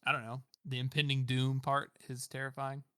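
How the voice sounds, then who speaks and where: In a casual book chat, a podcast co-host talks loosely, full of "like," "you know," and frequent laughs. He speaks at normal speed with a monotone, medium-pitched, fairly bright, smooth voice, captured dry at studio quality.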